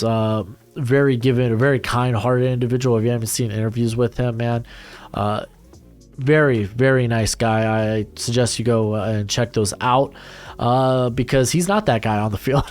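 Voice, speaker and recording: A young adult man giving a casual, rambling breakdown of football draft prospects, full of fillers, restarts and blunt asides. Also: mid-range voice. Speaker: NFL draft analyst.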